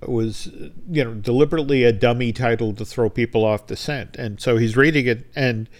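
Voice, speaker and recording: A podcast co-host with a medium-pitched male voice speaks fairly quickly as he casually retells a behind-the-scenes anecdote in a storytelling chat. He briefly acts out the quoted lines along the way.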